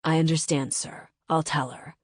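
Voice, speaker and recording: A woman voicing a steady male secret agent who speaks calmly and tersely in an audiobook. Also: low voice, normal speed, no room sound, clean studio sound. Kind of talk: audiobook character voice.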